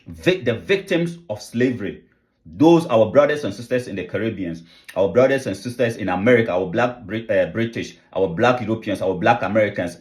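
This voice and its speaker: A man from Africa giving impassioned opinion commentary, fervent and full of rhetorical questions and repetition. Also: lowish voice. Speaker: online commentator.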